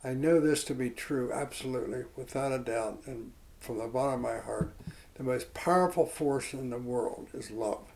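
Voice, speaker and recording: An older man with a gravelly, dark voice recalls his life in a reflective storytelling mode. He rambles and halts, with restarts and fillers scattered through his speech. His pitch sits in a middling range for a man. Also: normal speed, poor audio. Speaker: interviewee.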